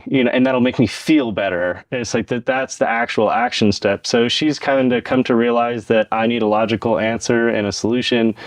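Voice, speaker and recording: A man's voice: medium pitch, dry recording. A man co-hosting a podcast, talking casually and earnestly about relationships, explaining his points at length and acting out the lines people say to each other. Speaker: podcast co-host. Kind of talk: casual relationship-advice chat.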